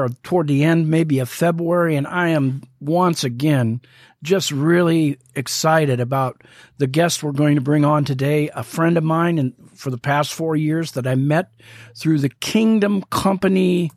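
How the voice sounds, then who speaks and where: A man's voice: fairly high pitch, a little mellow, dry recording, studio quality. A man hosting a casual faith podcast, talking enthusiastically and rambling with fillers. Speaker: podcast host.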